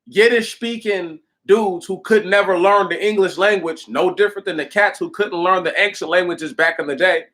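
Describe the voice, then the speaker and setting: High-voiced man ranting on a livestream. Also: normal speed, few pauses, fairly bright tone. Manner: emphatic, repetitive, lots of restarts and rhetorical questions. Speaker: livestream host. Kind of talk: casual livestream rant.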